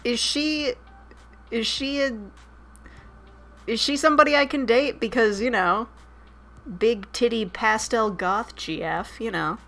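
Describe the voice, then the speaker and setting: A woman's voice: fairly high pitch, measured pace, long pauses, a bit bright. A woman streaming a dating sim, chatting casually, swearing freely and reading the game text aloud between her asides. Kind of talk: casual gameplay commentary.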